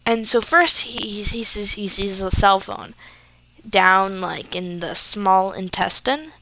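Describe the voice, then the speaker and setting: A woman's voice: medium pitch, slow pace, sharp tone. A young woman casually telling a gruesome story, rambling with fillers and restarts.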